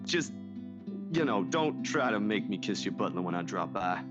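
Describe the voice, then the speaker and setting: A woman's voice: extremely low pitch, big pitch swings, normal speed. A woman voicing a friendly, easygoing young man in a game, with muffled audio and music behind. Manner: casual, friendly.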